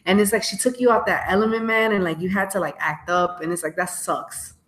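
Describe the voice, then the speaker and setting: A woman's voice: mid-range voice, steady tone, fairly quick, a bit bright. Blunt, swearing woman in an echoey room. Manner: blunt, slangy, swears freely. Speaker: podcast co-host. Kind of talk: casual chat.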